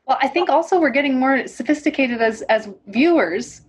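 Husky-voiced woman in easy conversation. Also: high voice, expressive, moderate pace. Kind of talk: casual chat.

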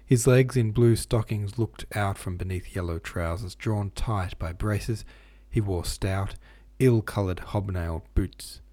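A man reading a classic novel aloud at a steady, measured pace, stopping now and then to explain the footnotes. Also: on the low side. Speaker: audiobook reader.

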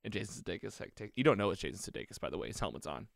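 Low-voiced man recapping a show excitedly. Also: racing, gravelly, no room sound, studio quality. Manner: excited retelling with acted-out quotes. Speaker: podcast host. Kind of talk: casual recap chat.

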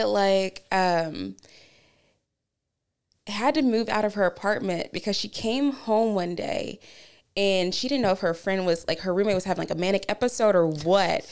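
A woman's voice: medium pitch, smooth. A woman in her twenties, a podcast co-host who tells a meandering story casually, with lots of fillers and some swearing.

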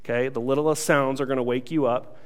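A young man preaching a sermon, telling a funny self-mocking story in a lively way before reading scripture. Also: mid-range voice, fairly quick, clear, resonant tone, in a large hall. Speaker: pastor.

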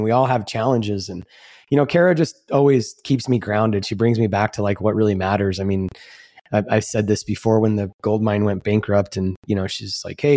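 A man's voice: lowish voice, a little mellow. A man co-hosting a podcast, talking in a loose, rambling way with casual swearing. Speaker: podcast co-host.

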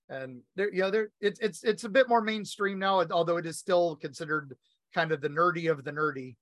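A man's voice: a little high, fairly bright tone, no echo. A man co-hosting a podcast in casual chat, telling stories with lots of ums and you-knows. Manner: rambling storyteller, many ums and you-knows. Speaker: podcast co-host.

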